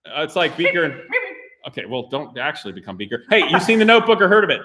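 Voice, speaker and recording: A man with a high voice hosts a live stream from a workshop garage. He talks to his crew in an animated, joking way and laughs often. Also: fast, background noise. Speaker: host of a car channel.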